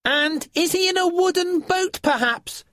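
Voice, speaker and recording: A man voicing a flying creature calling out in a shrill, loud voice in a storybook reading. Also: unhurried, no room sound, studio quality, full character voice.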